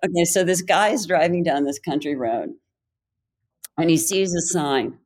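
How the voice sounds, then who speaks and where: A woman's voice: on the low side, moderate pace, a little mellow. An older woman from Pennsylvania, a podcast guest chatting candidly and telling stories with wry humor. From Pennsylvania, United States. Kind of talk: casual chat.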